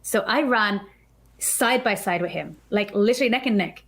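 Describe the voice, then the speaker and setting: A woman guest on a podcast, telling a story in a chatty, animated way and acting out her own thoughts. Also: medium pitch, moderate pace. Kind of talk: casual storytelling.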